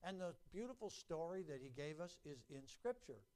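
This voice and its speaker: A man preaching a sermon, emphatic and repetitive, building to loud peaks. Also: on the high side, big pitch swings, moderate pace.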